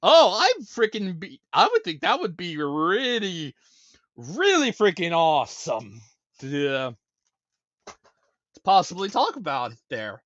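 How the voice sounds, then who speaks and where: A high-pitched man hosts a casual live stream, talking in a ranting, stammering way that circles back on the same words again and again. His voice is dry and close, with no room sound, and the audio is dull and lo-fi. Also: wildly swooping pitch, takes it slowly, pauses often, a bit bright, no room sound. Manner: ranting, stammering, repeats himself. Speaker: show host.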